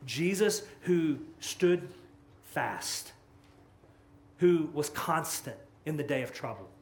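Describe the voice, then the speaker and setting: A man's voice: on the high side, lively intonation, slow pace. Impassioned preaching man in echoey room. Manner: impassioned preaching, swinging from loud to hushed. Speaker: pastor. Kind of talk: sermon. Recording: echoey room with faint ambience.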